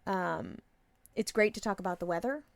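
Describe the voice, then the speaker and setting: Woman, podcast co-host, mid-pitched, blunt and playful, swears casually, dry close sound. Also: normal speed, creaky, no room sound. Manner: blunt, playful, swears freely, acts out quoted exchanges. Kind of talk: casual chat.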